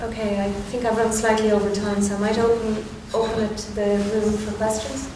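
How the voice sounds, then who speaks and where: A woman moderating a conference panel, asking polite, measured questions. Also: medium pitch, little pitch movement, distant mic. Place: university conference hall. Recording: very echoey hall heard from afar, with noise.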